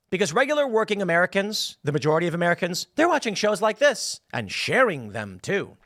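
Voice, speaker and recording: A man's voice: fairly high pitch, very animated, quick pace, few pauses, fairly bright tone, no echo. A man hosting opinionated political commentary in a combative, sarcastic manner from a small studio.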